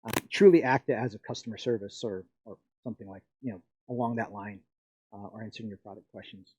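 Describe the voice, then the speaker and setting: A man's voice: on the low side, fast, a little mellow, husky, dry recording, lo-fi sound. A middle-aged man from the Philippines presenting a live workshop, rambling and chatty with many fillers and frequent laughs.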